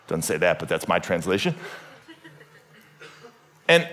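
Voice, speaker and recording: A man preaching a sermon to a congregation, jokey and animated, swinging from loud emphatic bursts to soft asides. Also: on the high side, normal speed, pauses often. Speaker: pastor. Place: church hall with congregation.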